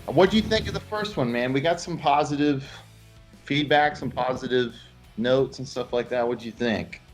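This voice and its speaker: A man's voice: medium pitch, normal speed, faint music behind. A man hosting a casual sports podcast, telling joking stories and chatting with his co-host. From Los Angeles, California. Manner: joking storyteller, lively swings in loudness.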